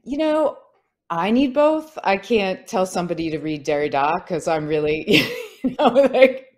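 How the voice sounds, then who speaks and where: A woman's voice: mid-range voice, sing-song, a little slow, darkish tone. A woman author talking as a podcast guest, thoughtful and searching, with many "like" and "you know" fillers. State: tearing up. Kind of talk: reflective conversational interview.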